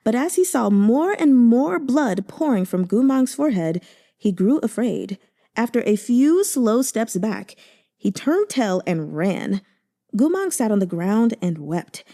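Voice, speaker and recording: A woman narrating a novel aloud with expressive, emotive delivery. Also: on the high side, a little slow. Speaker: audiobook reader.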